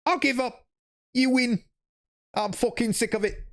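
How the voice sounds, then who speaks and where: A man's voice: extremely high pitch, unhurried, voice pushed up. A man voicing a furious young man who snaps at a rival, swearing and exasperated.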